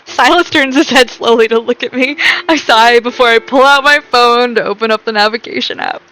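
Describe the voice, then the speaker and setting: A woman's voice: on the high side, brisk, sharp tone, poor audio. A young woman streaming a romance game, reading narration and her own lines aloud and chatting between them.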